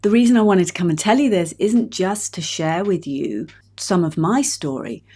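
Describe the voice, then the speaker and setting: A woman in her fifties, a relationship coach hosting her own podcast, speaking in a gentle, heartfelt, personal way. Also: on the low side, lively intonation, moderate pace, breathy edge. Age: 50s. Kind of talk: reflective solo podcast talk.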